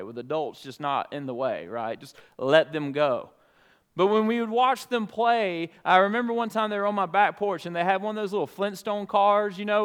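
Man, pastor, sermon, earnest and conversational, from alabama, slightly high pitch, smooth tone. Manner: earnest, conversational preaching, hushed in prayer.

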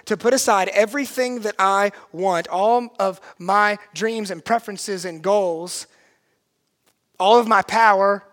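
A man preaching a sermon as pastor, earnest and emphatic, swinging from hushed, quiet lines to loud, forceful ones. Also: sits high, a little slow.

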